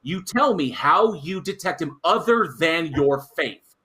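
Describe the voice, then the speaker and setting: A man's voice: fairly high pitch, expressive, unhurried, a crowd in the background. A man debating heatedly, pressing the same demand again and again and swearing when angry.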